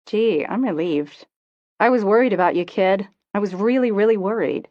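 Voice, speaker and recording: Woman reader doing a loud, teasing teen girl, blunt and crude, dry dull sound. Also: mid-range voice, normal speed, no room sound, lightly acted.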